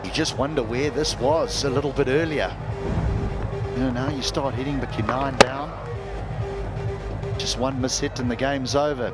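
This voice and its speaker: A man's voice: mid-range voice, steady tone, moderate pace, pauses often, loud music behind the voice. A man giving cricket analysis in a reflective, questioning way. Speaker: cricket commentator and pundit. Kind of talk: live sports commentary.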